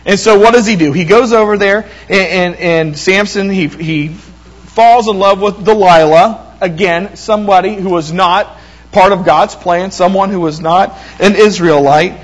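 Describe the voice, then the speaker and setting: A man with a notably high voice preaching a sermon. He retells a scripture story with animated quoted lines and often restarts his words. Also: moderate pace, low-quality recording.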